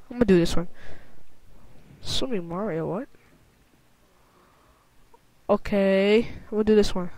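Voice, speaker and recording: A woman giving casual let's-play commentary, excitable and quick to exclaim or groan at her own mistakes. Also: mid-range voice, no room sound. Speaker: gameplay commentator.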